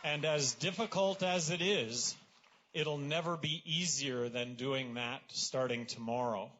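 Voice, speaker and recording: A man speaking at a political rally as a candidate, talking in a relaxed, conversational way with fillers and self-deprecating asides. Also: medium pitch, unhurried, lo-fi sound, a little hiss or hum. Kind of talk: campaign rally speech.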